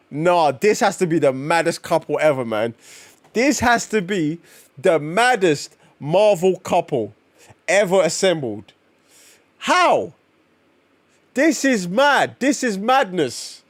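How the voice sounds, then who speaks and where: Male streamer, unhurried but exclaiming, lively pitch swings; comic reaction read. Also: no echo. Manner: excitable, exclaiming, swearing, slangy.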